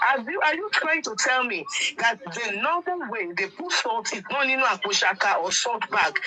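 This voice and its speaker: A woman with a Nigerian accent, a panelist in a heated debate, questioning insistently and with deliberate emphasis. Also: on the high side, poor audio.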